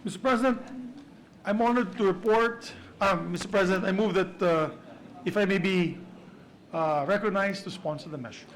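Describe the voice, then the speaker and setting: A man's voice: sits high, moderate pace, rough recording. A man, speaking as majority leader in a formal floor speech, with frequent hesitations. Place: legislative chamber.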